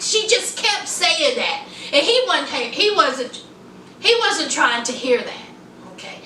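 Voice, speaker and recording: A woman's voice: sits high, sing-song, slow, pushed and bright, recorded from a distance, a little hiss or hum. A middle-aged woman recapping a reality show in a sassy, chatty style, calling viewers honey and y'all. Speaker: reality TV reviewer. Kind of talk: casual recap vlog. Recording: echoey room, voice off-mic.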